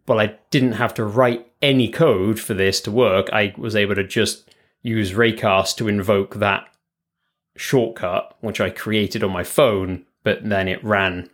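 A low-voiced man with a southern English accent chats casually about tech as a podcast co-host. He talks over a remote call, laughs easily and often stops to correct himself. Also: fairly even intonation, a little slow, fairly bright tone. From England. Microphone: remote call mic.

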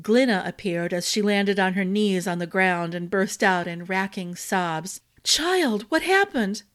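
A woman storyteller reading a fantasy novel aloud in a steady, expressive narration. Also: fairly low pitch, unhurried, smooth.

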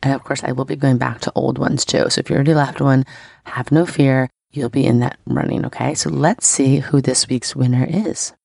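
Woman podcast host, thirties, bubbly and chatty, gravelly fry, dry close mic. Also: extremely low pitch, fairly even intonation, moderate pace, a little mellow, no echo. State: scratchy voice. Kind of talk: casual podcast chat.

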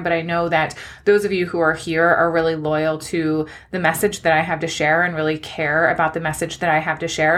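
A woman's voice: sits low, fairly bright tone. A young woman hosting a solo podcast, chatting in a gushing, encouraging way with frequent laughs. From New Jersey. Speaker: podcast host and online coach. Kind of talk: solo podcast life update.

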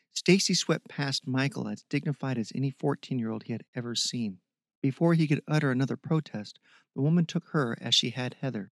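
A man narrating a fiction podcast in a steady reading voice and signing off to his listeners. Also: mid-range voice, a little fast, gravelly, no echo, studio quality. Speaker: podcast storyteller. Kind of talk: scripted story narration.

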